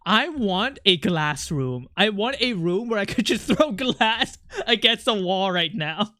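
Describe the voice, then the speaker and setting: A man's voice: high-pitched, expressive, unhurried, bright, forceful tone, no room sound, clean studio sound. A young man streaming his art, chatting casually with his chat in an irritable, snappy way, swearing and venting.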